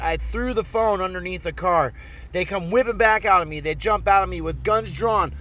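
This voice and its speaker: Male vlogger from Oregon, casual rambling storyteller, cusses freely, slightly high voice. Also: fairly quick. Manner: rambling, profane, animated retelling. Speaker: vlogger telling a personal story.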